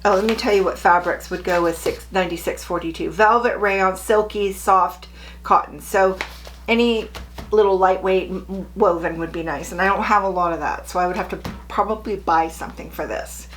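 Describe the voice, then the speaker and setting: A woman's voice: fairly low pitch, moderate pace, fairly bright tone, a little hiss or hum. A middle-aged woman chatting casually to camera as a sewing vlogger, chirpy and self-deprecating.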